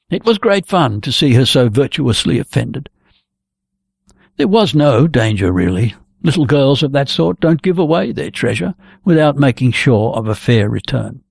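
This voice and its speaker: A hearty, talkative young man chats breezily and bluntly, as a male reader plays him, his voice gravelly and husky. It sounds close and dry, with no room around it. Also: mid-range voice, a little mellow, no room sound, full character voice.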